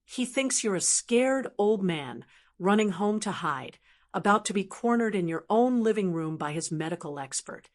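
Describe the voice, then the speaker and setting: A woman reading the lines of a cold, calculating male lawyer who speaks crisply and confidently. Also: mid-range voice, expressive, normal speed, close to an everyday voice.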